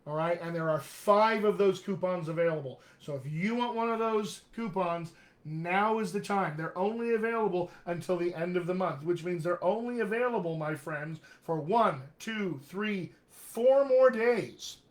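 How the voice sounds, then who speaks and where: Upbeat guy coaching accents on a live stream, kinda high voice, keeps saying my friends. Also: normal speed. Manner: chatty, upbeat, calls viewers "my friends". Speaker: dialect coach. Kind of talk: live-streamed teaching session.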